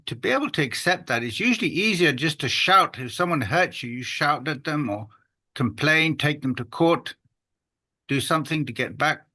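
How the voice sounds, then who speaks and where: A man with a bright voice talks through a spiritual question in an earnest, halting way. He often stops and restarts mid-thought and pokes fun at himself. He is speaking over a video call. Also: on the high side, expressive. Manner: earnest, halting, self-deprecating. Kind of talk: conversational spiritual discussion.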